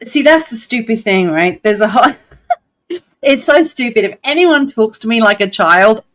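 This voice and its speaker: A middle-aged woman with a fairly high voice co-hosts a podcast in animated, blunt chat. She swears freely and speaks her mind without softening it. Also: normal speed, a little hiss or hum. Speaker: podcast co-host. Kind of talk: casual chat.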